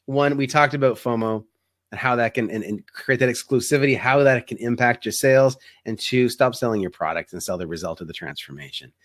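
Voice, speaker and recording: A man's voice: mid-range voice, brisk, fairly bright tone. A man hosting an interview podcast, affirming his guest and addressing listeners directly. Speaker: podcast host.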